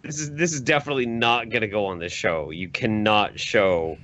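A man, a podcast guest, swearing freely and excitably in casual banter, often repeating himself. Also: on the low side, fairly quick, a little hiss or hum.

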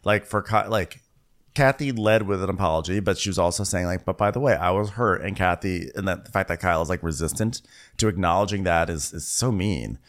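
A man co-hosting a casual recap chat with a wry, deadpan manner and drawn-out emphasis. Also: deep voice. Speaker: podcast co-host.

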